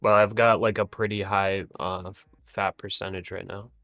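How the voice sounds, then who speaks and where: A man's voice: deep voice, flat delivery, normal speed, a bit bright, no echo, soft background music. A man hosting a livestream in casual chat, easygoing and hesitant, with plenty of fillers. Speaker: livestream host.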